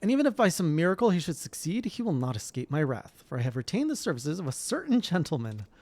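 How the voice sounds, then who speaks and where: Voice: medium pitch, very animated, fast talker, darkish tone, no echo, pitched above the performer's own voice. Lady Dorilda, a streamer doing an imperious noblewoman. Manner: cold, commanding, disdainful. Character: haughty noblewoman collector, imperious. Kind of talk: reading game dialogue aloud.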